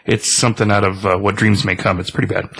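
A man casually recapping a comic book story in a relaxed, rambling way. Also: lowish voice, quick pace, vocal fry, breathy edge. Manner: relaxed, rambling retelling with fillers.

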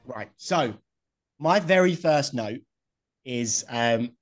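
A man's voice: medium pitch, expressive, slow pace, soft background music. A man hosting a podcast in casual chat, blunt and swearing freely. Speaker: podcast host.

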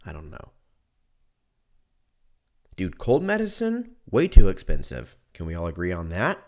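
Deep-voiced drunk, congested man rambling. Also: huge pitch swings, a little slow. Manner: rambling and profane. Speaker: podcast host. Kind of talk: casual solo monologue. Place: at home.

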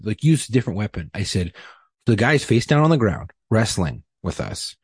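Husky-voiced man telling an angry story. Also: on the low side, fairly quick, no echo, studio quality. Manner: profane, animated retelling with heated quoted exchanges. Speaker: police officer guest. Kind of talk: casual podcast storytelling.

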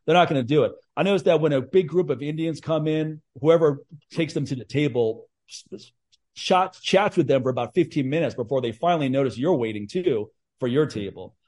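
A man hosting a casual chat, telling stories in a blunt, profane, animated way. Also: a little high, brisk. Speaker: podcast host.

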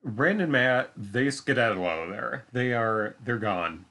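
A man's voice: mid-range voice, animated, measured pace, bright, forceful tone. A man co-hosting a podcast, talking through a TV episode in a casual, hesitant way. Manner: hesitant, many fillers and restarts, laughs easily. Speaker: podcast co-host. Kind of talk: casual chat recapping a TV episode.

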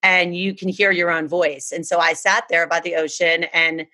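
A woman's voice: fairly low pitch, fairly even intonation, moderate pace, pushed and bright. A woman from the United States, earnestly telling a personal story in a casual chat. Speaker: guest.

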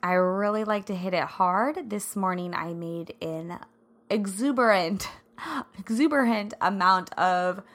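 A woman from the American Midwest hosting her podcast in a casual, bubbly chat, her throat a little scratchy and hoarse as she laughs often. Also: mid-range voice, unhurried, fairly bright tone. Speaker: podcast host.

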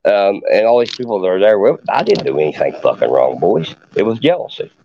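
A man's voice: on the low side, sing-song, brisk, mellow, slight background noise. A middle-aged man, a podcast guest telling a long story in a boastful, profane hillbilly way. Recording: dull lo-fi podcast audio.

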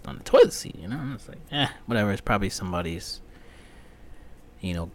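A man hosting a casual comedic podcast monologue, rambling profanely with frequent fillers and sudden loud outbursts. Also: low voice, slight background noise. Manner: frequent fillers like um and you know. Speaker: podcast host.

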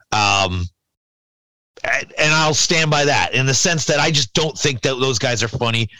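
A man's voice: mid-range voice, sharp tone, no room sound, poor audio. Blunt, exasperated podcast co-host man. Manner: blunt, exasperated, stumbling starts. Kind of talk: casual podcast talk.

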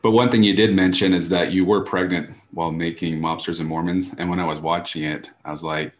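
A man's voice: low-pitched, fairly even intonation, brisk. A man co-hosting a casual interview, asking questions and joking with the guest. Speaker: co-host.

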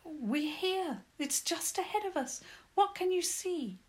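A woman's voice: extremely high pitch, animated, takes it slowly, darkish tone, voice pushed up, heavily acted. A woman voicing a tiny, nearly blind male mole who stammers and frets, in a children's storybook reading. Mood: eager. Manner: stammering, earnest and fretful.

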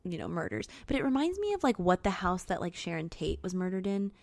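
A woman's voice: fairly low pitch, gravelly, no room sound. Chatty young woman recapping a film. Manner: chatty, animated, quick to act out characters' lines. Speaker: podcast co-host. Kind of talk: casual chat recapping a film.

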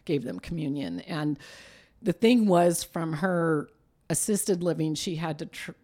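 Chatty middle-aged woman, lowish voice. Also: animated, measured pace, mellow. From southern California. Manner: chatty storyteller, laughs often. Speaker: guest, host's mother. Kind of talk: casual chat.

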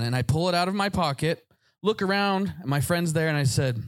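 Lively, higher-voiced man telling a story. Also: a little fast, no echo. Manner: animated, acts out voices in his anecdotes. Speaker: podcast host. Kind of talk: comedic storytelling before a live audience.

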